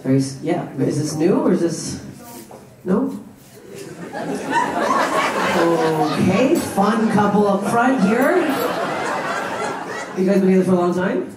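A woman's voice: medium pitch, lively intonation, takes it slowly, long pauses, noisy background. A woman comedian doing brash, profane, teasing crowd work on a club stage. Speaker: stand-up comedian. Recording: echoey live club from a distant mic. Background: loud laughing crowd.

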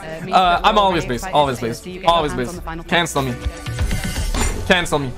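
Male streamer, playful slangy banter over chat, raised tone, event music loud underneath. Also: a little high, a little slow. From Pakistan. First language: Urdu. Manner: joking, rambling, playful slang. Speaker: livestreamer. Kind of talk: casual live-stream chat, reading viewer comments aloud.

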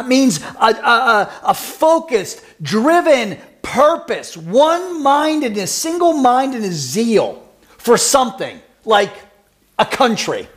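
Guy preaching a sermon, high pitch, lots of up and down, keeps asking the crowd stuff. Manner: lively preaching, asks the congregation questions and teases them by name. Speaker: pastor.

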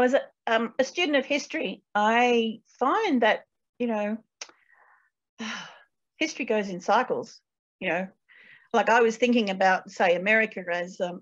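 An older Australian woman poet reading her work and then chatting in answer to questions, laughing often and trailing off with fillers. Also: medium pitch. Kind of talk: poetry reading and Q&A. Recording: dull lo-fi video call audio.

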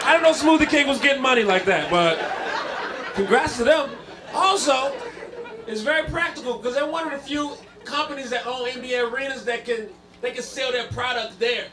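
A man performing a stand-up routine, telling stories with punchy, repeated punchlines. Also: extremely high pitch. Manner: animated storytelling, punchy repeated lines. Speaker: stand-up comedian. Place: comedy club stage. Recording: live club, audience laughter. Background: audience laughter.

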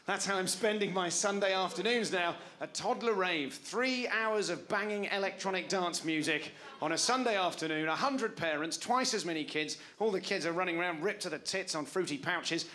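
On a club stage, a man in his forties performs a stand-up set, wry and self-mocking as he talks back to the audience. His high voice is bright and forceful, at normal speed with few pauses.

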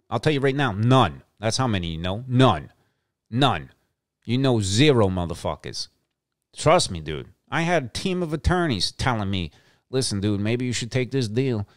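A middle-aged man with a mid-range voice hosts a show, delivering a brash, swaggering monologue laced with heavy cursing and repeated lines for emphasis. The studio-quality audio has no echo.

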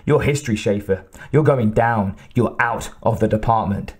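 A man's voice: on the low side, moderate pace, breathy edge. A man voicing a blustering, furious police captain who bellows and growls his orders, in an audiobook reading.

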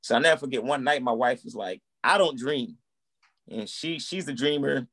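A man's voice: medium pitch, normal speed, breathy edge. A man in his thirties telling his story in a casual interview, acting out quoted dialogue. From United States. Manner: animated, acts out quoted dialogue. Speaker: guest, musician and minister.

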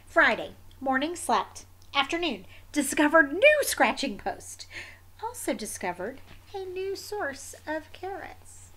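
Brief: stubborn carrot-loving wombat, read by a woman, terse deadpan diary lines, slow, lively pitch, storybook. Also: full character voice. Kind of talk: picture book read aloud.

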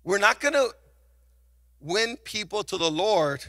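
A man's voice: high-pitched, animated, a little slow, bright, forceful tone. A middle-aged male pastor preaching a sermon with passion, calling on the congregation to repeat after him. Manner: passionate, call-and-response preaching.

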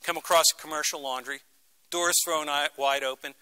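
Bright-voiced man telling a dramatic story. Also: a little high, fairly even intonation, brisk, smooth. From Philadelphia. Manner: dramatic, acts out quoted voices. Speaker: guest speaker. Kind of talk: storytelling lecture to students. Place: university lecture room.

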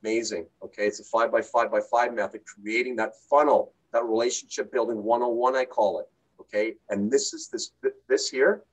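A middle-aged man giving an energetic, repetitive motivational talk as a sales coach, punctuating his points with "okay?". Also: mid-range voice, fairly quick, poor audio. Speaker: network marketing coach.

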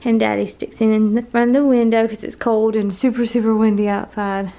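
A woman's voice: fairly high pitch, little pitch movement, fairly quick, warm tone, low-quality recording. A woman, a new mother, chatting casually in a home vlog, tired and affectionate as she talks. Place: home living room.

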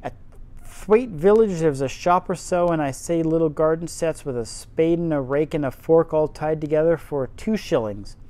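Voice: medium pitch, moderate pace, warm tone, close to an everyday voice. Tipsy reader doing a chatty Yorkshire housemaid. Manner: broad dialect, chatty and homely. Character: cheerful young Yorkshire housemaid woman.

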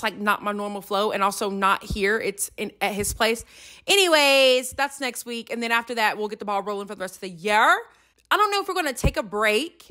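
A woman's voice: a little high, sharp tone. A young woman, hosting a casual faith podcast and chatting in a scattered way, recorded on her phone microphone. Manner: chatty and scattered, says y'all a lot. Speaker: podcast host. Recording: phone mic with faint music behind.

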